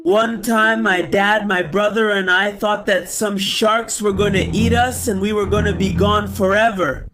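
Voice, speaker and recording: A man narrating funny personal mishaps in an animated, comic storytelling style. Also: high-pitched, music in the background. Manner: animated, quick, comic voices for quotes.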